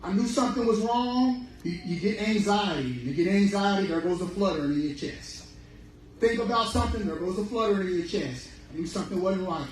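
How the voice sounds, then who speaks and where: Echoey animated man preaching health. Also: high-pitched, fairly quick, slight background noise. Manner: preachy and animated, acts out voices. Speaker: speaker on fruitarian health. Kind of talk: sermon-style health talk. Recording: very echoey room, from far off.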